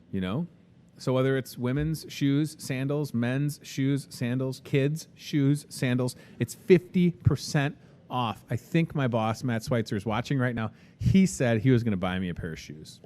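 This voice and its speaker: A man's voice: medium pitch, darkish tone. A young man with a Midwestern American accent hosting a casual store promo, chatty and upbeat with joking sales patter. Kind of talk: casual live promo talk.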